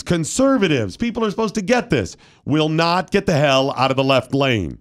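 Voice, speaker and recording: A man hosting a talk show, ranting with mock solemnity and breaking into loud indignant outbursts. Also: a little high, big pitch swings, moderate pace, hardly any pauses. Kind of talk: comic rant on a talk show.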